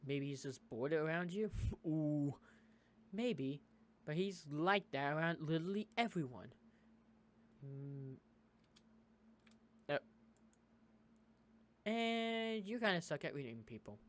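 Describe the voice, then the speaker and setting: A gaming YouTuber from the United States reading a visual novel aloud, switching character voices and breaking in with quick asides. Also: medium pitch, lively intonation.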